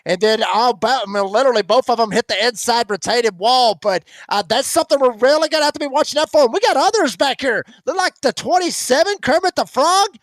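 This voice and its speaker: A man calls the action of an online truck race. His voice sits high and he drawls through the replays with rising excitement. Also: fast, few pauses, dry recording. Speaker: race commentator. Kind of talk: sim racing broadcast commentary.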